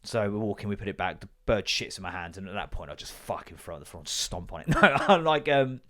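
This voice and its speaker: Sweary, animated podcast host. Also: male voice, sits low, fast talker. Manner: sweary, animated storytelling with acted quotes. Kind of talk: solo comedic podcast rant.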